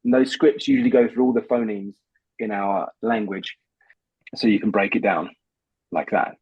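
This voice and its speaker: A man's voice: fairly low pitch, normal speed, husky, phone-quality sound. A man working as a voice coach, patiently talking a guest through voice exercises over a video call. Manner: patient, instructive, repeats words when starting.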